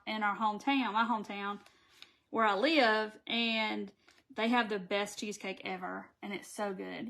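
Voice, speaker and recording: A woman's voice: a little high, creaky, a bit bright. A woman with a Southern American accent hosting a casual live crafting tutorial, chatting and reading viewer comments aloud as she works. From Southern United States.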